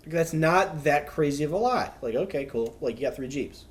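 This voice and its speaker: A man's voice: fairly high pitch, animated, moderate pace, a little hiss or hum. A young man co-hosting a podcast, telling rambling stories in casual chat, heavy on fillers like "like". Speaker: podcast co-host.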